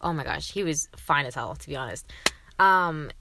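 A woman's voice: low voice, lively intonation, moderate pace, pushed and bright, no room sound. A young woman co-hosting a podcast, laughing along and reacting, then starting her own story. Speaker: podcast co-host. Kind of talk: casual chat.

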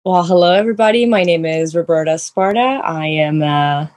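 A woman's voice: deep voice, normal speed, darkish tone, no echo. A woman from Italy with an Italian accent, speaking as a guest over a phone video call from her bedroom, breezy and a little sassy. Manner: breezy, sassy, many fillers. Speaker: guest actress. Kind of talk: casual interview chat.

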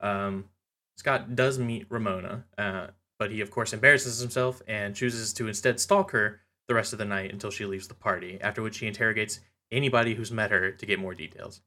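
Give me a low-pitched man casually recapping a comic on a podcast, chatty and quick to laugh. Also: fairly even intonation, pushed and bright. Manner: laughs often, loose and chatty with frequent fillers. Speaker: podcast co-host.

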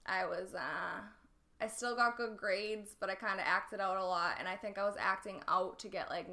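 A woman's voice: medium pitch, normal speed, pushed and bright. A woman speaking as a podcast guest, hesitant and full of fillers like "um" and "like". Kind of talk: casual interview chat.

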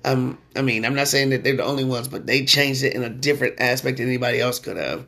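Excitable man ranting about sports. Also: mid-range voice, quick pace, creaky. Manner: animated, slangy, excitable when ranting. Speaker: sports podcast host. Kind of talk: casual sports talk.

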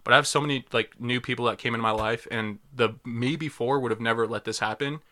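A young man hosting a casual podcast among friends, talking loosely and swearing freely. His voice is bright and clear, at an ordinary pitch. He laughs often as he talks. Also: fairly even intonation, quick pace. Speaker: podcast host.

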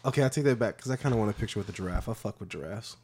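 A man's voice: fairly low pitch, very fast, a little mellow, breathy edge. A man co-hosting a casual podcast, swearing freely and breaking into silly animal voices. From Texas. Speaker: podcast co-host. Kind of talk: casual chat.

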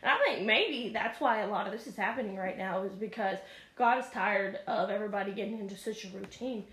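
A woman's voice: medium pitch, a little fast, a bit bright. A woman co-hosting a podcast, talking casually about church with fillers and restarts. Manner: rambling, many fillers and restarts. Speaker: podcast co-host. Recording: echoey room, faint noise.

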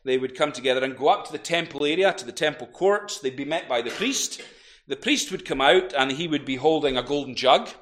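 A man preaching a sermon in church, animated and building to loud cries as he quotes. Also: mid-range voice, brisk. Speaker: minister.

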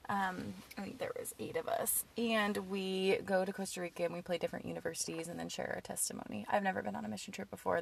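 A woman's voice: medium pitch, vocal fry, husky, distant mic. A woman in casual podcast chat, telling a story in a chatty way and bursting into quotes of others.

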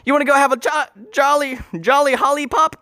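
Man in squeaky falsetto, giddy talking elevator, sing-song, very high. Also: fairly even intonation, fairly quick, bright, forceful tone, no echo, studio quality.

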